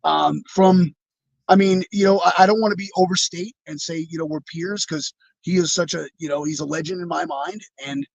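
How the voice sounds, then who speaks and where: This interview guest, an ex-wrestler on a video call, drifts through thoughtful stories packed with filler words and restarts. His voice is highish and creaky at a normal pace, recorded without echo but muffled.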